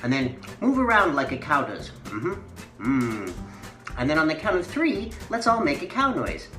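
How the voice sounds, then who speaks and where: Her low, a bit bright voice swoops wildly in pitch as she teaches children a playful guided mime and movement lesson at a moderate pace, offering sing-song encouragement. Faint music plays in the echoey room.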